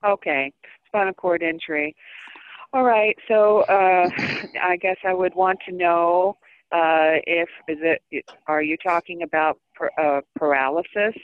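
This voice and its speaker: A woman co-teaching a massage-therapy webinar, defining terms slowly and carefully with fillers, heard over a video call. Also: lowish voice, fairly even intonation, no echo. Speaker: massage instructor co-hosting a webinar. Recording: tinny phone-like line.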